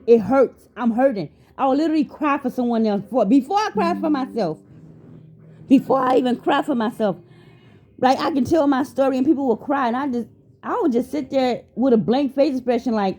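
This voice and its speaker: A woman talks straight to her own camera in a raw, emotional way, cursing freely and doubling back on her words. Her voice sits a little high but has a soft, mellow tone. Faint music plays in the background. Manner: raw, emotional, profane, with frequent restarts. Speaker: vlogger. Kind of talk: candid personal vlog talk.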